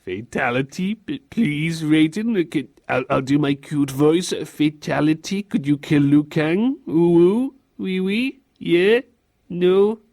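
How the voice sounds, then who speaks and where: A man voicing a sorcerer villain in a put-on cute, breathy, half-hearted coaxing tone. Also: on the high side, unhurried, warm tone, no room sound, studio quality, pitched above the performer's own voice. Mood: cutesy coaxing. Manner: breathy cooing, unsure and limp.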